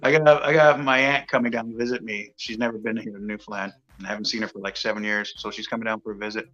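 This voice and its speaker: A man's voice: fairly low pitch, steady tone, fast talker, a bit bright, muffled recording. A man from mainland Canada chatting casually on a livestream, easygoing and chuckling, often saying "you know.".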